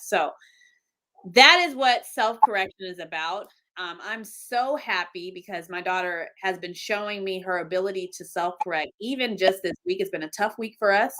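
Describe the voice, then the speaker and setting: A woman's voice: lowish voice, moderate pace. A middle-aged woman hosting a casual podcast, telling stories animatedly and acting out quoted lines. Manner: animated storyteller, acts out quotes. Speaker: podcast host. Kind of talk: casual chat.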